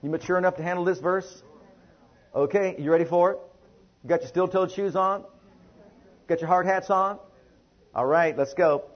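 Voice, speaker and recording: A man's voice: high voice, normal speed, pauses often. A man preaching a sermon to a congregation, leading call-and-response and stretching out emphatic phrases. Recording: muffled lo-fi sermon recording.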